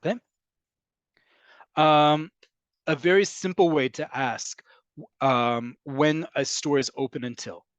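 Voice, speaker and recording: A man teaching a casual online Hebrew class, explaining words slowly and acting out tones of voice. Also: fairly high pitch, no room sound.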